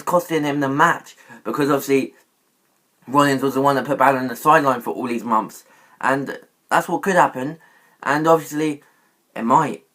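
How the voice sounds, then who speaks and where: A man's voice: fairly high pitch, fairly bright tone. A man giving wrestling predictions in a casual vlog, rambling and often correcting himself with many fillers. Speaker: YouTube wrestling commentator.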